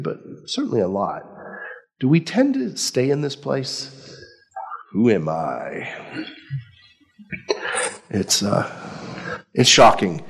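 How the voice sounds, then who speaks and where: A man preaching a sermon in a conversational, animated way, acting out quotes as he goes. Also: fairly low pitch. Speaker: pastor.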